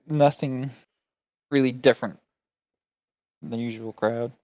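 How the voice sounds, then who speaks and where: A gruff, lungless dead man, as a man voices him. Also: mid-range voice, steady tone, measured pace, a little mellow, dry recording, muffled recording, close to an everyday voice. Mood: weary. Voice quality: gruff, raspy, breathless. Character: gruff raspy lungless male corpse.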